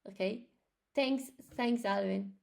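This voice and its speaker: A woman's voice: medium pitch, takes it slowly, vocal fry, darkish tone. A woman with an Irish accent, an English teacher chatting on a live stream, reading out and answering viewer comments. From Ireland.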